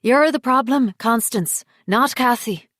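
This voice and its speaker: A woman's voice: fairly high pitch, a little slow, fairly bright tone, no echo, clean studio sound, voice pushed up. Woman voicing a dismissive, exasperated husband. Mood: coaxing. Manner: exasperated, brushing off accusations. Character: defensive, dismissive adult husband.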